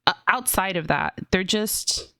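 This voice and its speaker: A woman co-hosting a film and TV review podcast in casual chat, animated and gushing, laughing and breaking off mid-sentence. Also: mid-range voice, measured pace, no echo, clean studio sound. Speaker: podcast co-host reviewing films and TV.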